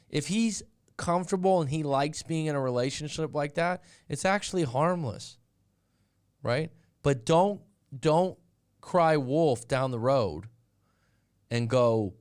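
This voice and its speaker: A man's voice: on the high side, lively intonation, measured pace. A middle-aged man hosting a live stream as a dating and breakup coach, talking casually and bluntly and acting out little quotes as he tells stories. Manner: candid, blunt, storytelling with quoted voices.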